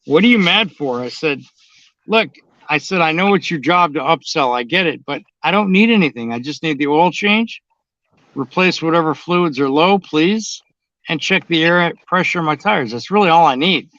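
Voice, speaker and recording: Casting note: a blunt man who swears freely, voice on the higher side, dull lo-fi recording. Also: expressive, normal speed, a bit bright, no echo. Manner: blunt, swears constantly, drawling storyteller. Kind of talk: casual profane chat. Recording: dull, dry lo-fi sound.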